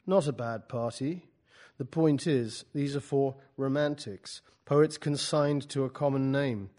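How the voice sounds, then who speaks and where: A man's voice: mid-range voice, measured pace, warm tone. A man from Britain, an author, gives an informal talk to writers, reading from his book and speaking hesitantly and wryly. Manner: hesitant, many fillers and restarts, wry.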